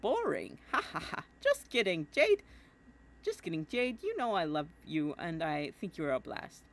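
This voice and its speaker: A woman's voice: fairly low pitch, wildly swooping pitch, normal speed. A woman voicing a cheery, adventurous teenage boy who uses old-timey slang, reading his letter aloud in a hearty, folksy way. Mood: jolly.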